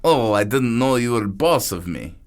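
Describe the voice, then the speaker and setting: A man's voice: medium pitch, expressive, moderate pace, natural voice. A man voicing a menacing foreign party guy who speaks in broken English and mocks the others. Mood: taunting.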